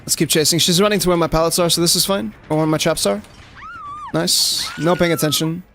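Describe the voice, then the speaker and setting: A young man talks through his match live, tossing in "like" and chatting to his viewers as he plays. His voice sits a little high with a gravelly rasp. Relaxed, unscripted streaming chatter. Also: brisk, a little hiss or hum. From South Africa. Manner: casual, chatty, lots of "like" fillers, addresses chat. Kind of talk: live gameplay commentary.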